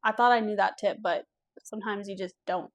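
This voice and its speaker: A woman's voice: medium pitch, steady tone, fairly quick. Candid young woman telling a story. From US East Coast. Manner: candid, casual, swears, acts out quotes. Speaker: vlogger. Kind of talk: storytime vlog.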